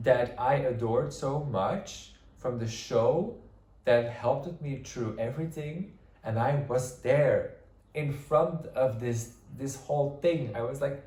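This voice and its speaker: Gushing young man in an echoey room. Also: medium pitch. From Belgium. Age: 20s. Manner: gushing, repeats words for emphasis, drops into hushed whispers when quoting himself. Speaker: vlogger. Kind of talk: excited personal storytelling vlog.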